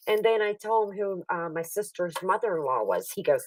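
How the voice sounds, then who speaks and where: A woman with a low voice tells stories with plenty of laughter and acts out other people's lines. She sounds dry and a little set back from the mic. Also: lively intonation, fairly quick, a little mellow, dry recording, recorded from a distance, poor audio. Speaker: livestream host. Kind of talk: casual chat.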